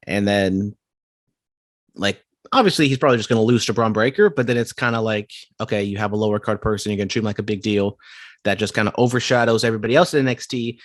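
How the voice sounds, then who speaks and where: A man's voice: fairly low pitch, quick pace, dry recording, studio quality. A man co-hosting a wrestling podcast in casual chat, with wry, sarcastic asides. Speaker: podcast co-host.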